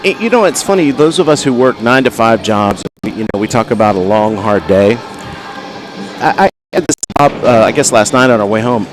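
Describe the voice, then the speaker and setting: A man with a Southern US accent giving folksy, rambling live commentary at an outdoor bucking bull event. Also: medium pitch. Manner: folksy, rambling, lots of fillers. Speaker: livestream commentator.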